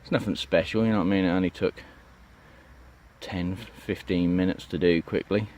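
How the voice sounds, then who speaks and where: Low-voiced man rambling outdoors. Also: steady tone, moderate pace, darkish tone. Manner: rambling, chatty, lots of ums and "you know what I mean". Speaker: allotment vlogger. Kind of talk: casual walk-and-talk vlog. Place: outdoors on an allotment plot.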